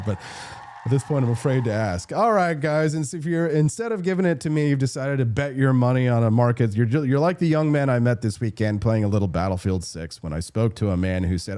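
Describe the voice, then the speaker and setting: Man in his forties, talk show host, mellow voice, jokey, acts out quotes. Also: mid-range voice, a little fast. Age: 40s. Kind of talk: political talk show monologue.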